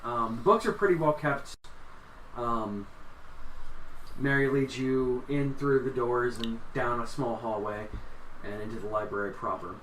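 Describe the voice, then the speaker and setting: A man's voice: mid-range voice, a little slow, fairly bright tone. A man running a tabletop game as game master, loose and joking, with frequent restarts. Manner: loose, laughing, profane, hesitant restarts. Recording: echoey room, distant mic, faint noise.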